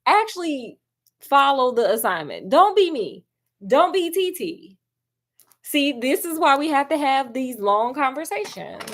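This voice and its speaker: Brief: lively woman vlogger chatting through a movie review, higher-pitched voice. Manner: animated, chatty, calls viewers girl and honey. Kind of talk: casual chatty film review.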